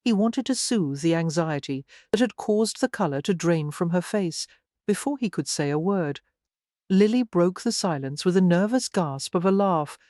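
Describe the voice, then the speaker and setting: A woman narrating an audiobook romance in an expressive, dramatic way. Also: lowish voice, moderate pace, no echo, studio quality. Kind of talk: scripted narration.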